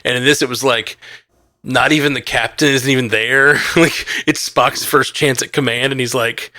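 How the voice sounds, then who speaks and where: Bright-voiced man rambling in a review chat. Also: mid-range voice, steady tone, normal speed, no echo, clean studio sound. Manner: rambling, frequent "like" and restarts. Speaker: podcast co-host.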